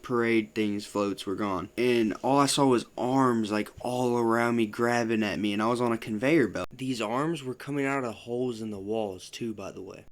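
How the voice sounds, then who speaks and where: A young man telling a story to his channel in a loose, casual way, swearing often and filling pauses with "like". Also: medium pitch. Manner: loose, profane, full of "like" fillers. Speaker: vlogger.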